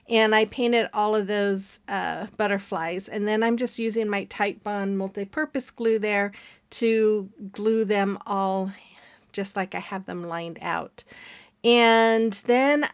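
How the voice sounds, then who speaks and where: A woman's voice: medium pitch, dry recording. A woman hosting a craft channel, narrating her project in a casual, rambling voice-over with many fillers and frequent laughs.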